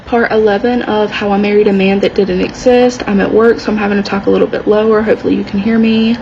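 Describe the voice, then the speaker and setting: Woman telling a personal story, lively. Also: mid-range voice, fast, few pauses, muffled recording, a little hiss or hum. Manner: animated, reenacts quoted dialogue. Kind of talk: casual storytime narration.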